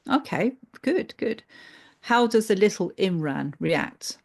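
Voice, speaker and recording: A woman therapist explaining a therapy technique through examples, in a measured, hesitant way with many fillers. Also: mid-range voice, lively intonation, vocal fry.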